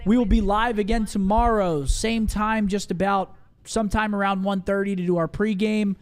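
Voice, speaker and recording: A young man with a notably high voice hosts a casual stream. He is laid-back and swears offhandedly while he walks through the upcoming matches. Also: fairly even intonation, moderate pace, clean tone, faint music behind. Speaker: watch party co-host. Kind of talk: casual stream chat and wrap-up.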